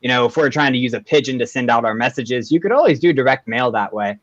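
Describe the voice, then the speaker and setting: A man's voice: medium pitch, expressive, fast, no echo, dull audio. A man hosting a live online talk show, reading out viewer greetings and joking around. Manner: playful, reads out viewer greetings. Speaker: podcast host. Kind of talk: casual live-show chat.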